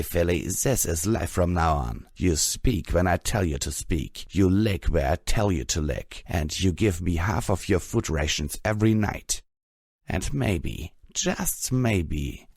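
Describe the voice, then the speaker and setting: Male reader voicing spiteful bully pony mare, sneering and taunting, low for a woman, dry read. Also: darkish tone, no echo, exaggerated voice.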